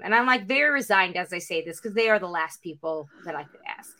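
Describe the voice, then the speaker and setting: A woman co-hosting a podcast, telling a story in a lively, casual way, acting out other people's voices and swearing freely. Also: lowish voice, fast talker. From North Carolina. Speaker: podcast co-host.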